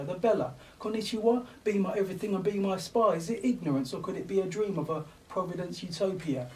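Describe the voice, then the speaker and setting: A man's voice: sits high, darkish tone, far from the mic, slight background noise, low-quality recording. A man performing spoken word poetry in a rhythmic, rhyming delivery with cockney slang. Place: event venue.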